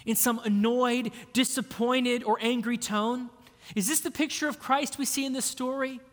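A man preaching a sermon as a pastor, earnest, moving between hushed passages and emphatic lines. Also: very high-pitched, fairly even intonation, moderate pace. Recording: long hall reverb.

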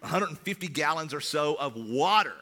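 A middle-aged male pastor preaching in a conversational style, repeating words and swinging from loud to hushed. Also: fairly high pitch, animated, a little fast. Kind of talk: sermon.

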